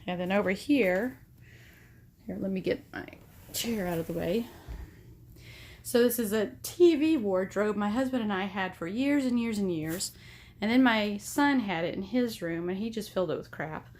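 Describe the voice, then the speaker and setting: A chatty sewing vlogger, a woman in her thirties or forties, rambles through a tour of her small home sewing room, often self-deprecating, filming on an arm's-length phone. Her mid-range, darkish voice moves at normal speed, with slight background noise.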